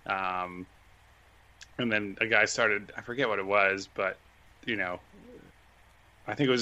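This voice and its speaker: Man, podcast guest, bright forceful voice, chatty and self-deprecating. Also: lowish voice, fairly even intonation, moderate pace, pauses often, dull audio. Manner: chatty, self-deprecating, many fillers and restarts. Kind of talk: casual podcast chat.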